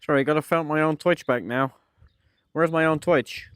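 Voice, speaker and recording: A man's voice: on the high side, normal speed, fairly bright tone, clear, resonant tone, dry recording, clean studio sound. A man live-streaming, muttering to himself as he fishes and chatting casually with his viewers. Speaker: livestreamer.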